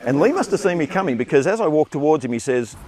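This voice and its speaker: Older Australian man telling a lively story. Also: fairly high pitch, fast talker. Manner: animated, acting out the voices of people in the story. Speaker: storyteller, former teacher. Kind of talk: live storytelling to an audience. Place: theatre stage.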